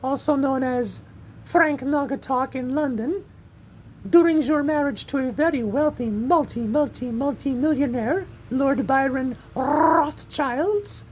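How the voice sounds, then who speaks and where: A woman's voice: high-pitched, unhurried, darkish tone, slight background noise, rough recording. A woman voicing a theatrical, gushing would-be Southern belle in an amateur audio drama, with a flouncy, sugary manner. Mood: sly.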